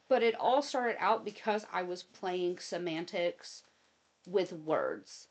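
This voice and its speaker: A woman hosting casual commentary with a voice of ordinary middle pitch. She talks in an opinionated way and drifts into long personal anecdotes. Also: animated, unhurried. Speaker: commentary host.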